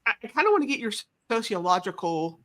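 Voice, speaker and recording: Bright-voiced woman chatting freely. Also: medium pitch, big pitch swings, quick pace. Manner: rambling, self-deprecating, frequent restarts. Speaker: interview guest. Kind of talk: casual conversation.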